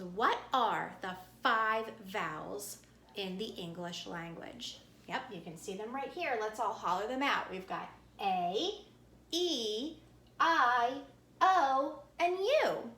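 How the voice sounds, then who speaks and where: A woman's voice: mid-range voice, bright, forceful tone, roomy sound, slight background noise. A woman teaching second graders a phonics lesson, encouraging them and calling out vowel sounds for the class to repeat. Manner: slow, encouraging, calls out sounds with hand motions. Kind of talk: recorded phonics lesson for kids.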